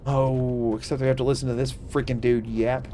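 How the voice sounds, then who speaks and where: A man's voice: mid-range voice, slight background noise. A man streaming a video game live, reacting with playful mock outrage and chatting with his viewers. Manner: animated, mock outrage, quick asides to chat. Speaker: gaming streamer. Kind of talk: live gameplay commentary.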